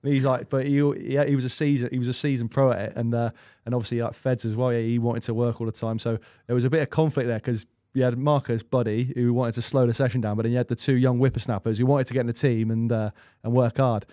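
A quick-talking man in his thirties tells rambling, swear-laced stories on a podcast. His voice sits at a middling pitch. The sound is close and dry, with no room echo. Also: level tone, mellow. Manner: chatty, rambling anecdotes with frequent restarts and swearing. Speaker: guest goalkeeper. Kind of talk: casual storytelling chat.

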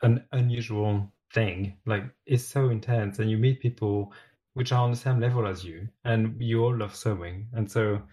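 French man, interview guest, chatty, quick to laugh. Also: on the low side, steady tone, dark tone. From France. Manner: laughs often while telling stories. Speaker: guest, former sewing show contestant. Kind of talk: casual interview chat.

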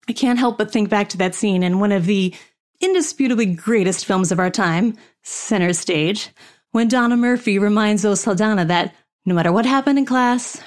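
A woman's voice: on the high side, darkish tone. A woman who is an actor gives a motivational talk in a candid, wry way with plenty of swearing. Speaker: actor and coach.

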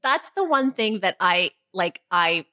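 Woman, podcast co-host, bright voice, blunt casual talk, reads listener letters. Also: medium pitch, big pitch swings, a little slow. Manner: blunt, swears freely.

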